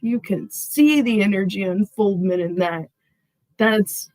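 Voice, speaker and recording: A woman reads tarot cards for her audience in an unhurried, drawn-out way, growing emphatic and gushing as each card is revealed. Her voice sits in a middle pitch for a woman. It is recorded close and dry, with no room sound. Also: no room sound, rough recording. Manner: effusive, addresses viewers as y'all, peppers speech with "freaking"; gets excited and emphatic when revealing cards. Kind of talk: channeled card reading for viewers.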